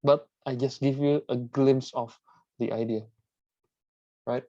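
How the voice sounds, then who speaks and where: A man's voice: medium pitch, steady tone, a little slow, mellow, dry recording. Man teaching math, dull lo-fi sound. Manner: repeats words and restarts, asks "right?" after steps. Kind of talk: tutorial lesson working through examples.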